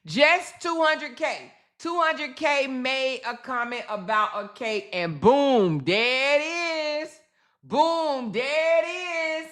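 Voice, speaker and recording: Bright-voiced woman running a live chat, swears freely, repeats herself when heated, talks straight to her viewers. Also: high-pitched. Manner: blunt, profane, reads chat comments aloud; heated, repetitive venting. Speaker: livestream host. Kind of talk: casual livestream chat.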